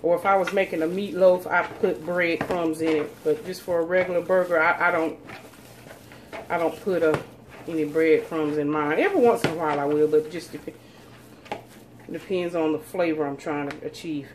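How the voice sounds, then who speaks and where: A woman walks viewers through a recipe in a relaxed, folksy way. Her voice sits a little lower than most women's. She talks from her home kitchen with a faint hiss in the background. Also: moderate pace. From North Carolina, USA. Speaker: cooking channel host. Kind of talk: casual cooking demonstration.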